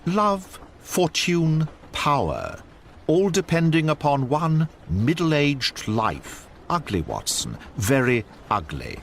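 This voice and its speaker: A man reading an audiobook, voicing a sharp, brisk male detective who lays out his case with crisp emphasis. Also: on the high side, huge pitch swings, a little hiss or hum, voice pushed up, full character voice.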